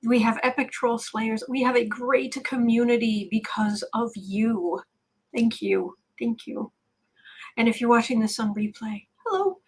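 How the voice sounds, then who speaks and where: Woman, livestream host, a little high, husky, chatty and blunt. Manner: chatty, fast-talking and blunt. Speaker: tarot reader and livestream host. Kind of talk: casual livestream chat.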